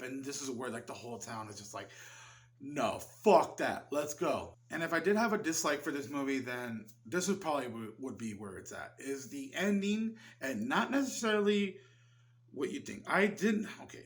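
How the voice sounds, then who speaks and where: A man's voice: mid-range voice, expressive, moderate pace, fairly bright tone. A man giving a casual film review, rambling loosely and swearing freely. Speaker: movie reviewer.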